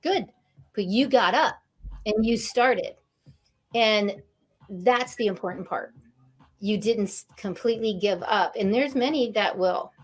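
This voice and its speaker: A woman's voice: mid-range voice, measured pace, long pauses. A woman hosting a live interview series, enthusiastic and affirming as she welcomes listeners and praises her guest.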